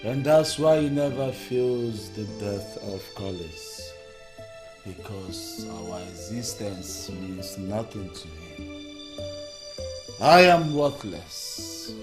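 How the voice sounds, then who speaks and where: A despairing young son with a Nigerian accent, with a low, unhurried voice. He circles his anguish, repeating himself. A loud film score plays under him. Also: over music. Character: despairing young man, the family's second son.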